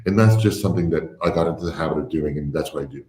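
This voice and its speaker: Deep-voiced man in a roomy room. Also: darkish tone. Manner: reflective, unhurried, with fillers and restarts. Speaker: artistic director, guest. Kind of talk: casual interview chat. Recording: roomy echo.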